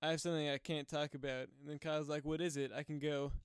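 A man's voice: on the high side, flat delivery, fast, smooth, dry recording. A man co-hosting a casual podcast, full of playful jokes and banter, speaking right into a close mic. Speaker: podcast co-host. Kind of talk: casual chat. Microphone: close drum mic.

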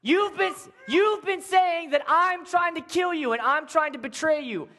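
A man voicing a bold young warrior who loudly teases a king, raising his voice high. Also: measured pace, big-room sound, full character voice. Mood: taunting. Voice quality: loud, teasing, high-pitched shouting.

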